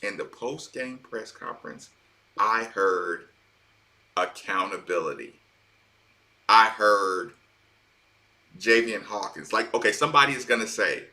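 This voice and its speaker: Animated man, bright voice. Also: fairly low pitch, moderate pace. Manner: animated, repeats words as he restarts. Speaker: sports talk co-host. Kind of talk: casual sports talk.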